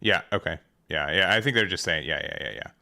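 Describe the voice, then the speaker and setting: Low-voiced laid-back male card game commentator. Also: quick pace, vocal fry. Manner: relaxed, hedging, frequent fillers and restarts. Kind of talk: casual match commentary.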